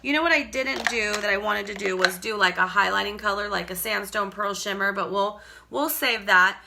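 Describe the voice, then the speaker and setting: A woman's voice: mid-range voice, normal speed, gravelly, background noise. A woman chatting casually through a live makeup tutorial at home, rambling and greeting viewers by name. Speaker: makeup seller demonstrating products.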